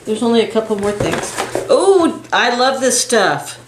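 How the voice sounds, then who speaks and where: A woman's voice: fairly high pitch, normal speed. An older woman co-hosting a beauty channel, chatting casually and gasping with delight as she unboxes makeup gifts. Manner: gushing, gasping with excitement, chatty. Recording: echoey room with faint hiss.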